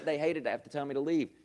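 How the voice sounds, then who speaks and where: A man's voice: fairly high pitch, fast talker. Profane storytelling podcast man. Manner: loose, swearing, laughs often, animated bursts. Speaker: podcast host. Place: comedy club.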